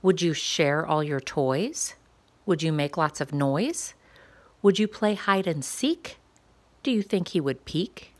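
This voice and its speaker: A woman reading a rhyming picture book aloud to preschoolers, asking playful questions in a gentle, sing-song way. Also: sits low, expressive, slow. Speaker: children's story reader.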